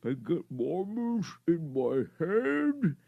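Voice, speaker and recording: A man's voice: a little high, very animated, gravelly, no room sound, phone-quality sound, heavily acted. A man voicing a bewildered male patient who talks as if his mouth is full. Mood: puzzled. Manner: slow, mumbling and puzzled.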